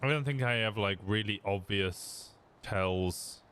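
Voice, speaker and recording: A man's voice: on the low side, slow pace, slight background noise. A young man with a fairly posh English Midlands accent, chatting casually with viewers as a streamer and answering their comments. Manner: relaxed, rambling, reads chat aloud and answers.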